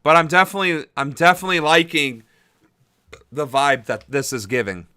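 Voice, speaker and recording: A man's voice: fairly high pitch, lively intonation, a little fast, bright, forceful tone, clean tone, no room sound, studio quality. A young man hosting a political livestream, chatting casually and rambling with lots of fillers. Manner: chatty, rambling, laughs easily, many fillers. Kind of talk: casual live-stream chat reading chat messages.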